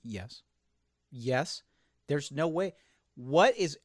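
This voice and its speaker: An animated man hosting a podcast, telling stories and slipping into the voices of people he quotes. His voice sits in a middle pitch, and the recording is close and dry with no room sound. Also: takes it slowly, no echo. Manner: animated storyteller, acts out quotes. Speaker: podcast host. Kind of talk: casual chat.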